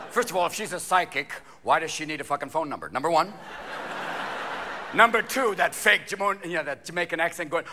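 Manic stand-up comic with a lively high voice. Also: male voice. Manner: manic, rapid character voices and shouts. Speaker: stand-up comedian. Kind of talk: live stand-up comedy. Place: theater stage before a live audience. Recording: live theater recording with crowd noise. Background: audience laughter.

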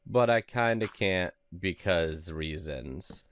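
A man giving casual, excitable let's play commentary over a survival game, yelping and laughing as things go wrong. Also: deep voice, measured pace, pauses often, clean tone, no echo. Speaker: gaming video host.

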